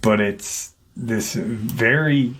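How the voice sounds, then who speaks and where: Slow, rambling man telling a story. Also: mid-range voice, a bit bright, a little hiss or hum. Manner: slow, rambling, acts out quoted voices. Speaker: host retelling an encounter. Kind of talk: casual storytelling.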